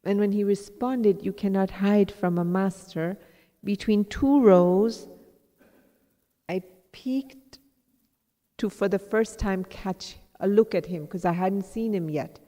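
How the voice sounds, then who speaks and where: Woman from India, spiritual teacher, slow storytelling, mellow tone, long hall reverb. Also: mid-range voice. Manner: reflective, self-mocking, quotes herself in asides. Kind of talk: storytelling talk to a live audience.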